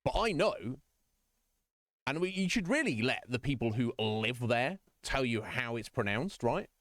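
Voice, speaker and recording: A man's voice: mid-range voice, lively intonation, unhurried, fairly bright tone, no room sound, studio quality. A British man streaming and chatting casually, rambling through anecdotes with lots of asides. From Britain. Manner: rambling storytelling with quoted voices and laughs. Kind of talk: casual chat.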